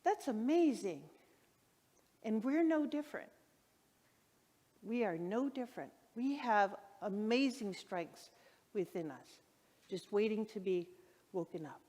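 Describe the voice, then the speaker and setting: A woman minister preaching a sermon, telling stories with enthusiasm and lively shouts. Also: medium pitch, measured pace, long pauses, in a large hall. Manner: enthusiastic storytelling, acts out her own excited shouts. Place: church hall. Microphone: handheld microphone.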